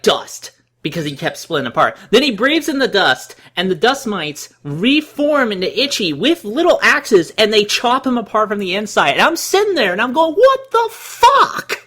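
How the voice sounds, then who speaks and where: A man giving animated, laugh-filled commentary on a video game, sharing trivia along the way. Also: high-pitched, moderate pace. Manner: animated, giggly, full of trivia. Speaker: let's play co-commentator. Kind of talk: casual gameplay commentary.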